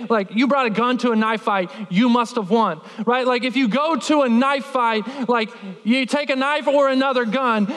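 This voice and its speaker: A man preaching a sermon, telling a childhood story in an animated, humorous way with lots of filler words. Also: very high-pitched, in a large hall. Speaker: pastor.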